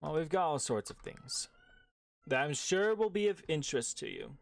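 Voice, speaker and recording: A man playing a smooth male arms salesman. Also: a little high, very animated, moderate pace, no room sound, pitched above the performer's own voice. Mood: salesy.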